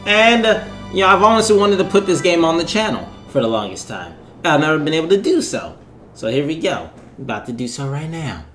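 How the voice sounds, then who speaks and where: A man's voice: on the high side, fairly bright tone. A man hosting a let's play, rambling and self-deprecating as he comments on the game. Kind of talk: casual gameplay commentary.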